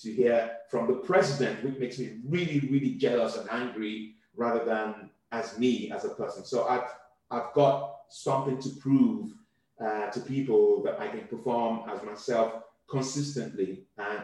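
Nigerian-born male comic guest, brisk and lively, recorded in a very echoey room. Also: fairly low pitch. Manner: quick, animated, repeats words while thinking. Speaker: guest comedian. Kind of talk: casual interview chat.

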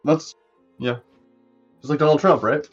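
Husky man with quick interjections. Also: fairly high pitch, soft background music. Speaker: podcast co-host. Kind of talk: casual chat. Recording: dull lo-fi mic.

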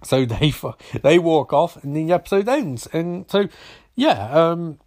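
A man's voice: on the high side, sing-song, a little slow, darkish tone. A young man casually recapping a TV episode, swearing often and rambling through jokey asides.

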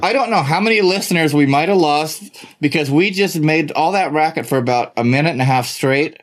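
A man hosting a rowdy comedy podcast, laughing loudly, swearing and cutting in with hold on. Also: a little high, fairly quick. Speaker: podcast host.

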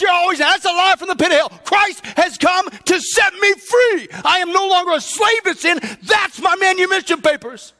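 High, bright shouting male preacher. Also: big-room sound. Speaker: pastor. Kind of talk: sermon.

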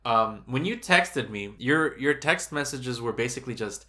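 A man co-hosting a casual podcast chat, asking relaxed, probing questions. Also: medium pitch, moderate pace, few pauses.

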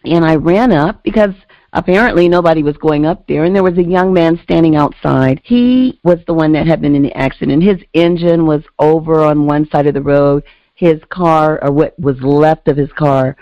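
A woman casually telling a story on a podcast, animatedly acting out the voices of the people in it. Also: dry recording. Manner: animated, acts out quoted voices with big pitch jumps. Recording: dull lo-fi, dry sound.

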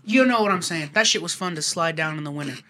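A man's voice: a little high, quick pace, slight background noise. A young man casually telling a rambling, profane childhood story to friends. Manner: rambling, profane, animated retelling.

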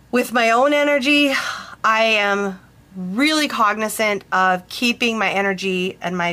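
Woman podcast host, slow-paced, bright and forceful tone, rambling casual storyteller. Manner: chatty, rambling, with frequent fillers and restarts; lively, jumps high in pitch when quoting people. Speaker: podcast host, bridal tailor.

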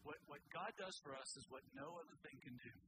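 A man's voice: on the high side, fast. A man preaching a sermon as a pastor, emphatic and stressing points by repeating phrases. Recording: clear steady background noise.

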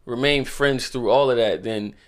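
A man's voice: mid-range voice, moderate pace. A young man speaking in an emphatic casual chat, full of slang and "you know what I'm saying.".

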